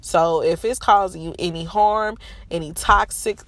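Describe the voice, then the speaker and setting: A woman in her thirties vlogs from her parked car in a school parking lot, frankly and emotionally telling a painful personal story. Her nose is stuffy from holding back tears. Her voice is on the low side and fairly bright in tone, at a measured pace, with no echo.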